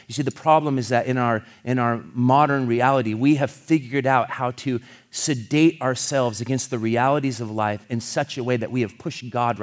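A middle-aged man from California, a pastor, telling a story in a sermon, earnest and halting, with frequent restarts, and he swells louder as he builds a point. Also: medium pitch.

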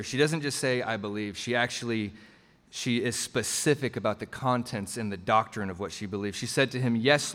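A male pastor delivers an earnest, emphatic sermon at a medium pitch. His voice rings out with a long hall reverb, as if he is preaching in a church sanctuary. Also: a bit bright. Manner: earnest, emphatic preaching with frequent restarts and asides.

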